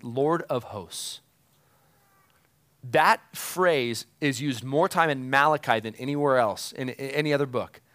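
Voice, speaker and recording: A man's voice: on the high side, a bit bright, no room sound. A man preaching a sermon as a pastor, earnestly explaining scripture and building to emphatic peaks.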